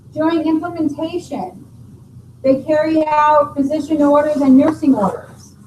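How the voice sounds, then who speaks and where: A nursing instructor with a high-pitched voice lectures her class, explaining material and quizzing students. She sits far from the mic, and the roomy classroom recording carries faint noise.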